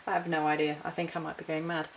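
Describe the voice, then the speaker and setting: A woman with a slightly low voice chats through a haul vlog, rambling and correcting herself. Her talk is casual and unscripted. A faint hiss sits under the recording. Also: level tone, fast talker, poor audio. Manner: chatty, rambling, self-correcting. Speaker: witchcraft vlogger.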